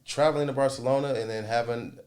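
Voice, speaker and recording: A man speaking as a guest and student mentor, talking slowly and reflectively with many "you know"s. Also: mid-range voice, fairly even intonation, a little mellow. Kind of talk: casual conversation.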